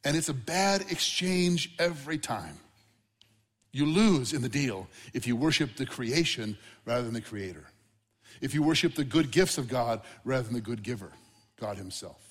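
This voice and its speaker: A man preaching a sermon to a congregation, conversational and animated with asides and questions to the room. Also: medium pitch, normal speed, breathy edge, big-room sound. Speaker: pastor.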